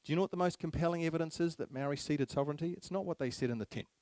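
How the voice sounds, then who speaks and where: A man's voice: a little high, rapid-fire, darkish tone, dry recording. Emphatic New man addressing a crowd. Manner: emphatic, repeats key phrases, fires rhetorical questions at the crowd. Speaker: speaker at a public meeting. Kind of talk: public speech to a live audience.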